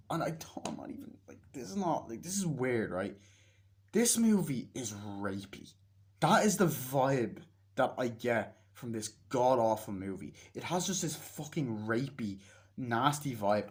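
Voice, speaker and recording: A man's voice: mid-range voice, sing-song, a little slow, a little mellow. A man giving a casual, rambling movie review, swearing freely and acting out scenes in different voices. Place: self-recorded on a battery-powered device.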